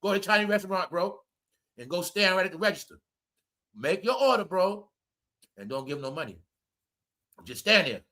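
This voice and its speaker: Bright and pushed, a slightly high male voice belongs to a commentary vlogger who comically rants with profanity. He addresses his audience as y'all while hammering home his point like a sermon.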